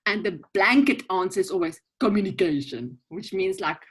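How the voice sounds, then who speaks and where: A woman's voice: mid-range voice, normal speed, breathy edge, poor audio. A woman with a South African English accent giving a casual, joking coaching talk at a virtual networking event, checking in often with "okay?" and "right?". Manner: lively, joking, direct with frequent "okay?" and "right?". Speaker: guest speaker at a networking event. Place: virtual event, video call. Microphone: video call.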